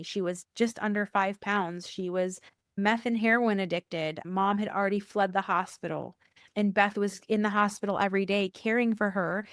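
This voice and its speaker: Woman, podcast guest, heartfelt storytelling, lively quoted dialogue, repeats phrases for emphasis, mid-pitched voice, dry close sound. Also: dry recording. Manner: animated, acts out quoted dialogue with rising pitch. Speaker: church worker. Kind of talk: personal storytelling in a podcast interview.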